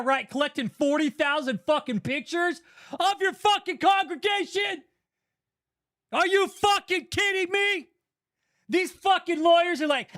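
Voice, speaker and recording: Male streamer, very high pitch, furious, swearing constantly, ranting commentary. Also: fairly bright tone. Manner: angry, profane, ranting. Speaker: channel host. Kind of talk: livestream commentary rant.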